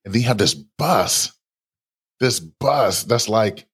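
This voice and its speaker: A man's voice: on the low side, takes it slowly, husky. A man in his thirties, a guest author, animatedly telling a personal story in conversation and acting out the voices in his head. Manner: animated storyteller who acts out inner voices.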